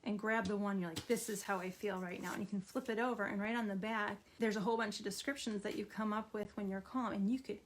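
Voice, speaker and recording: A middle-aged woman teaching an art therapy activity, her voice gentle and encouraging. She speaks to the viewer directly as she draws, at an ordinary middle pitch. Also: steady tone, quick pace, few pauses, slight background noise. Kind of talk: instructional art therapy video.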